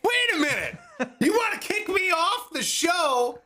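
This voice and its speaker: A man's voice: extremely high pitch, very animated, a little slow, sharp tone, slight background noise. A man hosting a casual comedy podcast from home, joking and laughing through playful rants. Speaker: podcast host. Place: home studio.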